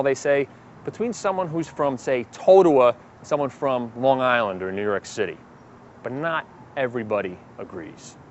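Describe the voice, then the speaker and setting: A male host narrating a local news feature and chatting with people on the street, upbeat and lively. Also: mid-range voice, lo-fi sound, a little hiss or hum.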